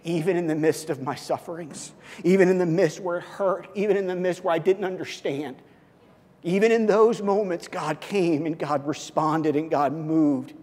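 A male pastor preaching a sermon, moving from loud, punchy emphasis to quiet, earnest intensity. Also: on the high side. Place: church sanctuary. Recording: long church reverb.

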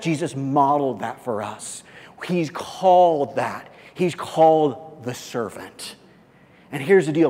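A man preaches with a notably high voice, building to emphatic peaks and then dropping to quiet, intimate asides. His words ring out with a long reverb, as in a church hall. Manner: emphatic, rising loud then dropping soft. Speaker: pastor. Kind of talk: sermon.

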